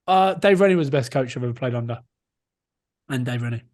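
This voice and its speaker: A man's voice: mid-range voice, expressive, fast, darkish tone. Joking man telling rugby stories. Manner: jokey, self-mocking storyteller. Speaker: podcast co-host, rugby player. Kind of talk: casual chat, anecdotes.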